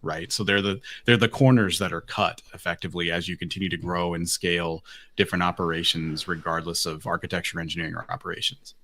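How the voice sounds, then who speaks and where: Low-voiced guy, talks quick, matter of fact, panel guest. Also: fairly even intonation, sharp tone, a little hiss or hum. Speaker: guest, security consultant. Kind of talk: panel discussion.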